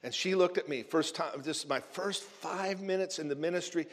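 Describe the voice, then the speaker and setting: Male minister, fairly high voice, telling a lively story in a sermon; long hall reverb. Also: normal speed. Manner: animated storyteller, chuckling as he talks.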